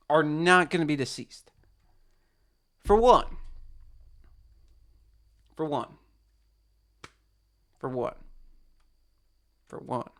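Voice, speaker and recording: A man's voice: fairly high pitch, fairly bright tone. Rambling man reacting to a video. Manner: rambling, full of restarts and "like". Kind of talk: casual commentary.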